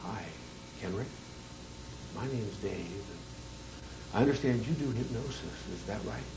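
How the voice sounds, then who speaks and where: A man voicing a burly, laid-back male biker who speaks low and quietly. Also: unhurried, noisy background. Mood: plain.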